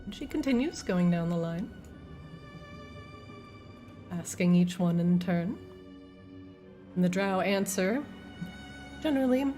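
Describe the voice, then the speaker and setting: A woman narrating as dungeon master in an unhurried, easygoing way. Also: mid-range voice, darkish tone. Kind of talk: narrating a tabletop game.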